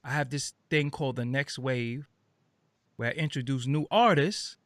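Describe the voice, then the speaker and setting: Tired, raspy-voiced male host. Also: normal speed, a bit bright, no echo. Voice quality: raspy, deeper than usual. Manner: loose, rambling, lots of fillers and repeats. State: tired, just woke up. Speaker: interview show host. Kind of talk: casual interview chat.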